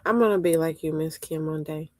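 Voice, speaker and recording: A woman's voice: low-pitched, brisk, a little mellow, dry recording. A woman in a casual stream chat, easygoing and teasing with her friends.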